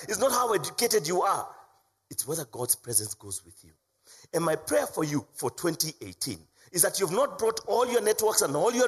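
A man preaching a sermon as pastor, swinging from loud, raised emphasis down to low, quiet lines. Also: slightly rough.

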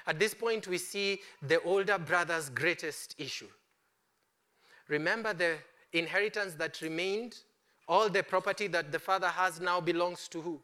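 A male preacher delivers an impassioned sermon in a high-pitched, sharply bright voice. He swings between ringing declarations and hushed, pleading appeals. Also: moderate pace.

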